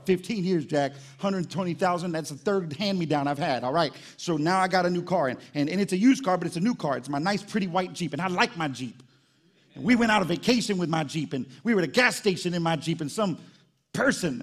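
A man, a pastor preaching a live sermon at a church service in an animated, conversational storytelling way. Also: high voice.

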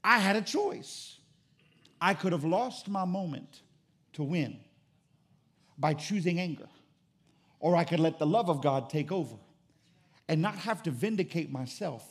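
A man's voice: fairly high pitch, expressive, normal speed, long pauses, slightly rough. A middle-aged man preaching a sermon as pastor, telling stories and calling on the church for an amen. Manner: storytelling with call-and-response.

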